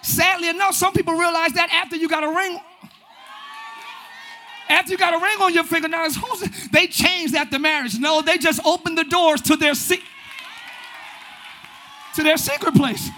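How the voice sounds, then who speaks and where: A male pastor preaching a sermon in church, animated and often shouting, acting out little quoted voices along the way. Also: extremely high pitch, moderate pace, pauses often, a faint crowd, a little hiss or hum. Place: church sanctuary.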